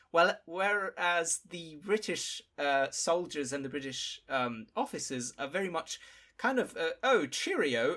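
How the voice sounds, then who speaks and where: A man on a film podcast talking in a casual way, halting often with fillers and restarts. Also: fairly high pitch, creaky, bright, forceful tone. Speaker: podcast panelist.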